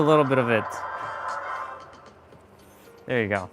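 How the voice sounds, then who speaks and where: A man streaming himself at play, tossing out playful trash talk and curses at the game's enemies. His voice sits at an ordinary middle pitch, and music plays clearly behind him. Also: animated, slow, long pauses, poor audio. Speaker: live streamer playing a video game. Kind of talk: casual live-stream gameplay chat.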